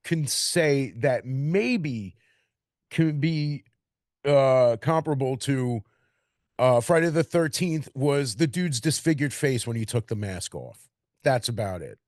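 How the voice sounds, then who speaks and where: A man from Queens with a New York accent, co-hosting a casual film podcast and talking in long animated run-on stretches. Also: medium pitch, takes it slowly, no room sound, studio quality. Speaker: podcast co-host. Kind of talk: casual chat.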